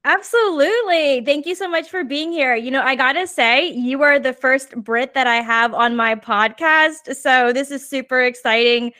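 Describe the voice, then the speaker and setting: A woman's voice: sits high, moderate pace, few pauses, bright, forceful tone, no room sound, studio quality. A young adult woman hosting a podcast, upbeat and effusive as she introduces and interviews her guest. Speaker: podcast host.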